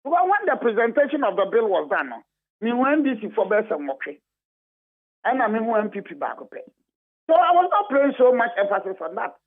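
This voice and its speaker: A man's voice: very high-pitched, very animated, a little fast. A Ghanaian man, a party official, speaking emphatically and repetitively as a radio guest, switching between English and Twi. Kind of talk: heated radio phone-in talk. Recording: phone-line audio.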